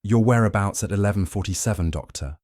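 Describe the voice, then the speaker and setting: A man voicing a brilliant, fastidious detective who questions suspects gently and precisely. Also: lowish voice, no echo, studio quality, natural voice. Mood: probing.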